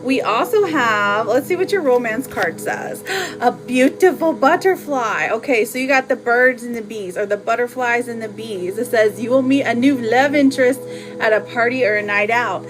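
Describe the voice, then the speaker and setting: A woman's voice: a little high, moderate pace, music in the background. A woman hosting a live oracle card reading, chatty and playful, laughing often as she reads for viewers. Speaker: live tarot reader.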